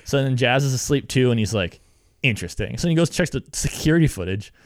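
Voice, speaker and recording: Fast-talking young man recapping a cartoon. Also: mid-range voice, lively intonation, no echo, studio quality. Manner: rambling, lots of "like", swears, laughs often. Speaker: podcast co-host. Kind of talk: casual episode recap chat.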